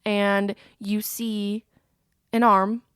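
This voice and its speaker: A woman's voice: medium pitch, little pitch movement, extremely slow, clear, resonant tone, no room sound, studio quality. A woman co-hosting a casual film recap podcast, retelling scenes with animation and acting out the characters' lines. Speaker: podcast co-host.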